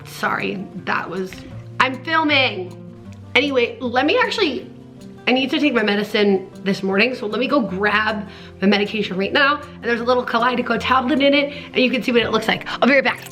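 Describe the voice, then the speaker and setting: A woman's voice: on the high side, a little fast, a bit bright, soft background music. A young woman talking earnestly and emotionally in a casual personal vlog at home, rambling with many restarts. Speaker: vlogger.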